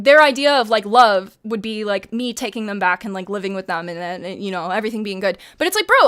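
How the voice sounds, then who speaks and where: A woman's voice: on the high side, a bit bright. A woman in her twenties venting to her stream chat, heated and emphatic, swearing often. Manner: heated, profane, emphatic ranting.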